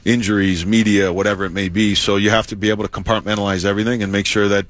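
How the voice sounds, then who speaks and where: A man, a hockey head coach, giving measured interview answers with lots of "you know" and "uh". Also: lowish voice, flat delivery, a bit bright.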